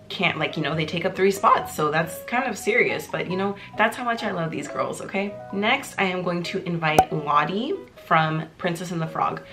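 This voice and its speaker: A woman's voice: sits low, fairly bright tone. A woman hosting her own video in a bubbly, jokey casual chat, full of little fillers. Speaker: YouTuber host. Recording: clear background music under the voice. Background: music playing in the background.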